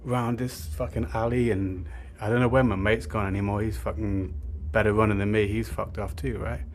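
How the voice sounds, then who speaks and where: A man's voice: fairly low pitch, little pitch movement, moderate pace, slight background noise. A young man telling a rambling, sweary story, with lots of filler words. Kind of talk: casual storytime monologue.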